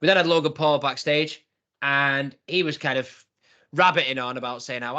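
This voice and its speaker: A young man co-hosting a casual wrestling review, animated and often laughing as he retells scenes. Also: medium pitch, moderate pace. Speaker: wrestling podcast co-host.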